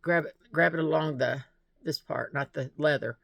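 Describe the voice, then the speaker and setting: A woman's voice: deep voice, normal speed, vocal fry, dry recording. A woman chatting to her viewers in a casual vlog, gushing and laughing often as she opens mail and gifts. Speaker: vlogger showing mail and gifts. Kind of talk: casual chat to camera.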